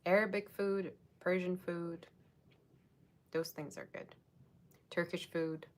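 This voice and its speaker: A woman's voice: fairly low pitch, fairly even intonation, slow. A woman giving a casual, rambling livestream tarot reading, chatting with viewers and thanking them by name. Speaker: tarot reader.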